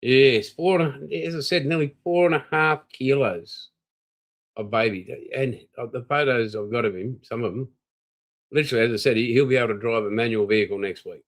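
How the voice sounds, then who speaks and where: A man's voice: medium pitch, brisk, poor audio. An older Australian man, tired, hosting a live stream and rambling casually while greeting viewers. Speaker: livestream host.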